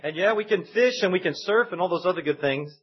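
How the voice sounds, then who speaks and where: High, husky-voiced man preaching. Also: expressive, fast. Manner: conversational preaching, mimics voices in quotes. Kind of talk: sermon. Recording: dull lo-fi sound.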